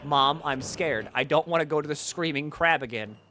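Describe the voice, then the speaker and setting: A man putting on the voice of a scared little boy pleading with his mother, slow and whiny. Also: on the high side, bright, forceful tone, a little hiss or hum.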